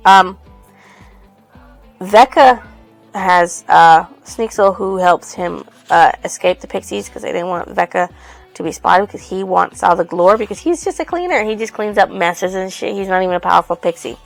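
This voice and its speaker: A woman's voice: medium pitch, moderate pace, vocal fry, soft background music, low-quality recording. A woman casually recapping a book's plot, rambling and swearing freely. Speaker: book reviewer.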